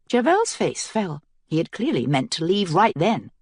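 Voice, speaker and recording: A woman reads the narration of an epic fantasy audiobook in a measured, steady voice. Her voice sits somewhat low for a woman. The studio sound is dry and close, with no room echo. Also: breathy edge.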